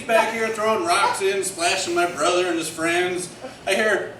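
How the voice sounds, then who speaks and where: A man performing a stand-up comedy set on a club stage, delivering one-liners and acting out bits in excited voices. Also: high voice, brisk. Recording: roomy, distant, noisy club recording.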